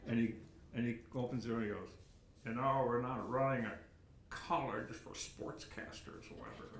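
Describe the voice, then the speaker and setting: An older man, a retired sportscaster, giving a rambling, self-deprecating acceptance speech with many anecdotes and chuckles at a podium microphone. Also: medium pitch. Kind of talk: after-dinner acceptance speech. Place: banquet hall. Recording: echoey hall with faint room noise.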